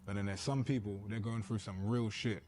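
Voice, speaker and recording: A man's voice: fairly low pitch, fairly even intonation, a little fast, a little mellow, slight background noise. A man, teasing and slangy, as a guest on a dating show clip. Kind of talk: casual banter.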